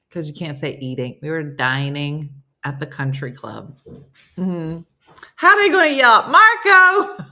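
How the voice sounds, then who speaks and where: A woman's voice: deep voice, bright, forceful tone. A woman hosting a casual live-stream chat, reading viewer comments aloud and answering them. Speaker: host.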